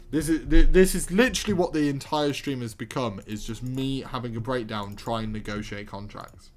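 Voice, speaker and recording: A man's voice: on the high side, sing-song, normal speed, soft background music. A young man commentating his own game on a livestream, exasperated and laughing nervously as he talks to himself. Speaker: streamer. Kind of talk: live gameplay commentary.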